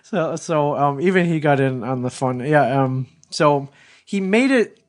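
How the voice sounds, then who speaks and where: A man's voice: fairly high pitch, animated, measured pace. A man in his thirties co-hosting a podcast, telling a rambling story in casual chat and swearing freely. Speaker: podcast co-host.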